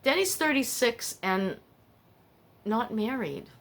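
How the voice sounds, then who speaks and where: A woman's voice: fairly high pitch, expressive, takes it slowly, vocal fry, a bit bright. An older woman hosting a casual podcast, rambling and candid as she tells stories and confides her feelings. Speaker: podcast host. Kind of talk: casual personal chat.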